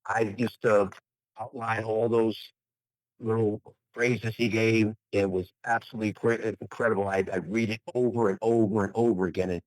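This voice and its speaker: A man's voice: lowish voice, little pitch movement, moderate pace, dry recording, poor audio. Older man, emphatic motivational talk. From USA. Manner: emphatic, repeats phrases for emphasis. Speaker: guest, retired pro bodybuilder. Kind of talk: enthusiastic motivational interview talk.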